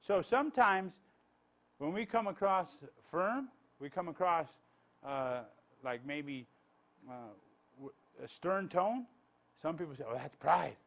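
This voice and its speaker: A man's voice: high voice, expressive, slow, pauses often, a bit bright. A man, a pastor, giving a blunt, conversational sermon with many restarts and asides.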